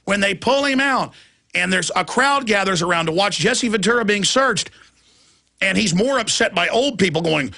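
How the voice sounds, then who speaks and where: A man's voice: high voice, lively intonation, normal speed, pushed and bright. A man hosting a live talk radio show, delivering an impassioned, mocking monologue. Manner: impassioned, mocking, mimics opponents' laughter.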